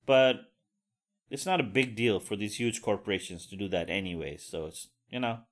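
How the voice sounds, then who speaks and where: A man's voice: fairly low pitch, a little fast, fairly bright tone. Profane, ranting male podcast host. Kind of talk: casual monologue.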